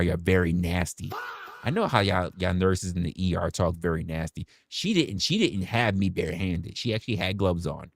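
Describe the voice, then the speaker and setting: A young man hosting a livestream, telling a story in a candid, profane, animated way. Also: low-pitched, no echo, studio quality. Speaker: livestream host.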